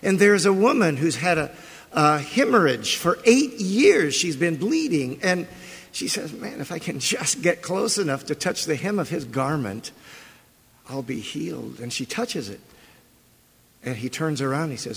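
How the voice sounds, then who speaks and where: A male pastor delivers a sermon in a lively, animated voice that sits a little high and rises and falls a lot. His voice is breathy and husky, and he keeps the congregation engaged with rhetorical questions. The sound carries a long reverb from the church hall. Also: unhurried. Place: church sanctuary.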